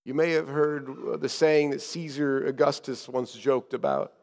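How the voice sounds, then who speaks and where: A man preaching a sermon as a first-person story, told dramatically and often dropping to hushed tones. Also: mid-range voice, fairly even intonation, moderate pace, vocal fry, long reverb tail.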